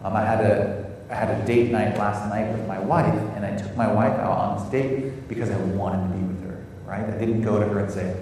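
A man's voice: fairly low pitch, steady tone, normal speed, darkish tone, a little hiss or hum. A middle-aged American man preaching a sermon in earnest, often repeating words as he searches for phrasing. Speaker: pastor. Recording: echoey hall from far off.

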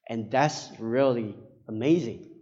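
Slow, earnest male preacher in a reverberant hall. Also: medium pitch, dark tone. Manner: halting, earnest, tags phrases with "right?". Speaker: pastor. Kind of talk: sermon. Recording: dull sound with long hall reverb.

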